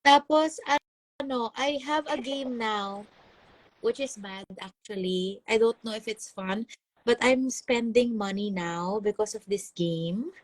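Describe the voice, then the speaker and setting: A Filipino woman hosts a casual live chat in a fairly high voice. She sounds bubbly and chatty, and laughs often as she reads out viewer comments. Her voice is recorded close and dry. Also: measured pace, no room sound. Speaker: host and life coach.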